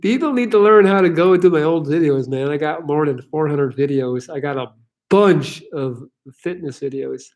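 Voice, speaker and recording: A chatty man hosts a casual livestream Q&A, reading out viewer questions and answering them with easy jokes. His speaking voice sits a little higher than most men's. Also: moderate pace, a little mellow. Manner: chatty and joking, laughs easily. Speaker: livestream Q&A host.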